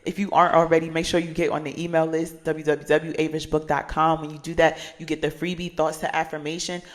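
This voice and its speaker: Woman, from New Jersey, life coach, casual motivational vlog, chatty, slangy, repeats herself. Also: deep voice. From New Jersey, USA.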